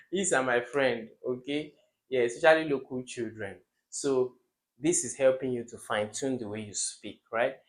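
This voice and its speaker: A young man, teaching an exam-prep lesson for children. He asks questions and answers them himself, and he jumps to loud emphasis on key words. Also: medium pitch.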